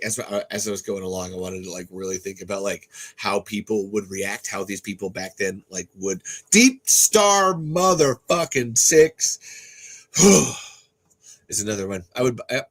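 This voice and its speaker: Male host, husky voice, casual rambling livestream chat, loose and profane. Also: lowish voice, rough recording. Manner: rambling, swearing, laughing, many restarts. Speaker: podcast host.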